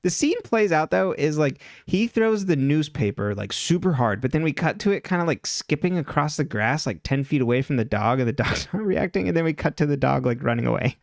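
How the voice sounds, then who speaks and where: A man's voice: fairly high pitch, sing-song, a little fast, creaky, hardly any pauses, no room sound, studio quality. A man co-hosting a podcast, recapping a TV episode in a loose, chatty way with lots of "like" and "um" and frequent laughs. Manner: chatty, heavy on "like" and "um", laughs often. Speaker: podcast co-host.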